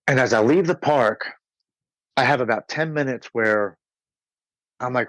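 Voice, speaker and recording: A man's voice: medium pitch, measured pace, long pauses, a bit bright, no room sound, poor audio. An American man, a podcast guest, telling his recovery story in an earnest, emotional way, sometimes repeating words as he goes. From United States. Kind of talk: personal recovery story told in conversation.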